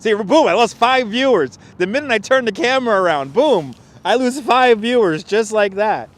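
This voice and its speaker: A man's voice: high-pitched, expressive, moderate pace. A man hosting a casual walking livestream outdoors in a city park, chatting and laughing as he answers viewer comments through a clip-on mic. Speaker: livestream host and tour guide. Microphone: wireless clip-on mic.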